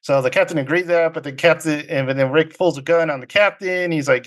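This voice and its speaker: A man casually recapping a film's plot as podcast host, rambling and halting with many fillers and quick imitations of characters. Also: a little high.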